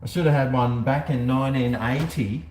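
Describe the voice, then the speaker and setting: A man's voice: medium pitch, moderate pace, a little mellow. A man with an Australian accent chatting casually on a livestream, rambling with jokey asides and talking to his dog. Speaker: livestream host. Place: house, indoors and on a balcony. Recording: echoey room with faint background noise.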